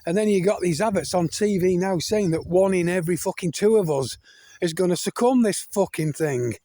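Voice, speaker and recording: An older British video blogger with a high-sitting, dark-toned voice rants fairly quickly to camera, recorded with no room sound. His emphatic monologue is packed with swearing, repetition, restarts, and repeated calls to "folks."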